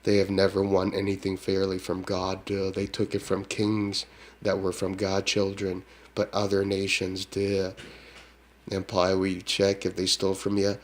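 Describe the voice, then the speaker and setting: Man, Hmong accent, low monotone, rambling psychic monologue, scornful asides. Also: measured pace. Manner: ends phrases with a scornful "duh". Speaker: self-styled psychic shaman.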